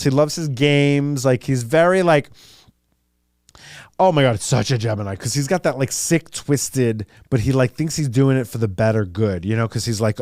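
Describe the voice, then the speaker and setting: A man hosting a podcast talks in a loose, rambling way, animated and quick to swear, with fillers all through his speech. His voice sits at a middling pitch. It is recorded dry and close, with no room sound. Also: no room sound. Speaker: podcast host. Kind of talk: casual chat.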